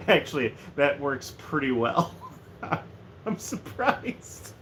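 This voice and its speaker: A man's voice: fairly high pitch, slow pace. A man chatting casually and jokily on a livestream from a room at home, rambling from one thing to the next. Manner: rambling, joking, animated. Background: faint heater hum.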